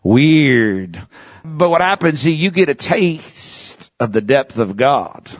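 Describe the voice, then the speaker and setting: A middle-aged man preaching in church, animated, rushing through some phrases and drawing out others slowly. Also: mid-range voice, no echo. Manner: animated preaching, swings from fast bursts to slow emphatic words. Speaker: pastor. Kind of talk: lively sermon.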